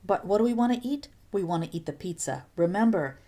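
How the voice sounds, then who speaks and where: A woman Spanish teacher explaining grammar step by step in a recorded video lesson, patient and clear with playful asides. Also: mid-range voice, lively intonation, a little fast, mellow.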